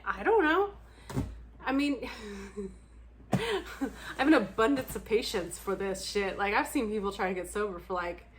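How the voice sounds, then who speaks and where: A woman's voice: on the high side, a little hiss or hum. A young adult woman talking bluntly and candidly to camera in a casual vlog chat, laughing often and swearing freely. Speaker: book vlogger.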